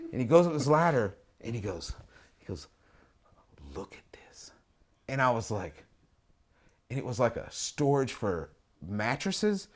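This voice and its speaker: A man, an artist, casually telling a wild story in an interview, swinging between mumbled asides and loud, profane outbursts. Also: mid-range voice, big pitch swings, measured pace. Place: lives in Atlanta.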